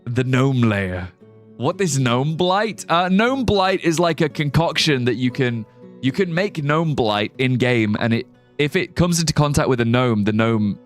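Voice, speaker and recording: A man's voice: mid-range voice, animated, measured pace, soft background music. A young man streaming a game live, chatting loosely, swearing casually and laughing at his own ideas. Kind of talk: live gameplay commentary.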